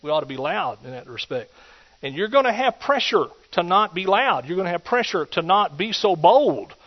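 A man preaching a sermon, swinging between loud exhortation and hushed asides. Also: sits high, sing-song, moderate pace. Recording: dull lo-fi recording.

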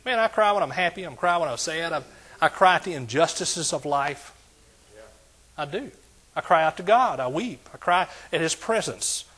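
A man preaching a sermon to a congregation, asking them questions and building to loud exclamations. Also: fairly high pitch, animated, normal speed, slightly rough. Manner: preaching with call-and-response, rising to shouts. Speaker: pastor.

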